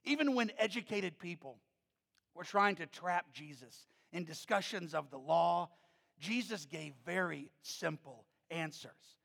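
A middle-aged pastor delivers a storytelling sermon, his voice pitched high with a gravelly edge. He swings from quiet reflection to emphatic, driving peaks. The sound carries the long reverb of a large church sanctuary. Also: measured pace. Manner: animated, storytelling preacher who rises to emphatic peaks.

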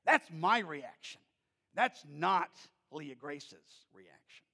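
A middle-aged man, preaching a sermon as pastor and telling stories in an animated way that builds to emphatic peaks. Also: high voice, a little slow. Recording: long reverb of a large hall.

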